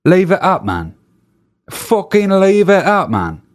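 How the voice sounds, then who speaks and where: A man's voice: high voice, huge pitch swings, slow pace, pitched above the performer's own voice, full character voice. A man putting on an indignant English man with an English accent, who insists in a whiny, profane way that his ancestor's statue stay up.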